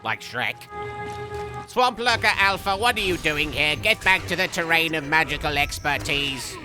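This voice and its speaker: A man voicing a goofy, unhinged young male villain as he comments on a game, rambling through silly jokes with sudden shrill outbursts. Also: lively intonation, normal speed, over music, natural voice. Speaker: gameplay commentator. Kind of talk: comedic let's-play commentary.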